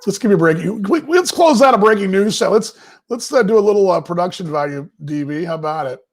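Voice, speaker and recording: Folksy, rambling man, higher voice. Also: lively intonation, quick pace. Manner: rambling, folksy, many fillers. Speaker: baseball show host. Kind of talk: casual live-stream chat. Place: family home.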